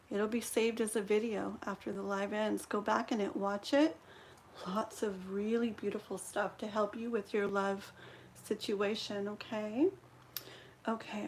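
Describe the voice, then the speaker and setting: Female live-stream host, fairly high voice, soft reassuring guidance with frequent "okay", hiccups between lines. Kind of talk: live-stream healing ritual talk.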